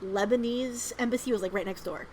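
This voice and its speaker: A slightly high, darkish-toned woman talks fairly quickly on a rough recording with some hiss or hum. As a podcast co-host in casual chat, she spins rambling stories peppered with "um," "like" and free swearing.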